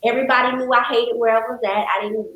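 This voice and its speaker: A woman counselor, a guest on a talk show, telling her story in a lively, emphatic way and calling the host "girl". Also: fairly high pitch, fast talker, highs cut off, a little hiss or hum. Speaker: licensed counselor, podcast guest. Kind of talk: casual conversational storytelling. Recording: roomy echo.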